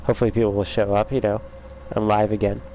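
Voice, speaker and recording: A man's voice: lowish voice, little pitch movement, quick pace, warm tone, slight background noise, rough recording. A man hosting a casual gaming livestream from his room at home, chatting and teasing viewers by name.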